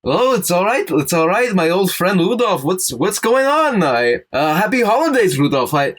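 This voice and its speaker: A woman's voice: fairly low pitch, sing-song, moderate pace, pitched above the performer's own voice. A kindly, flustered rabbi, put on by a woman talks in a raised, fluttering voice. He stammers, repeats his words and fusses over a friend in a tabletop game. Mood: flustered, soothing. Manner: stammering, fussing, reassuring.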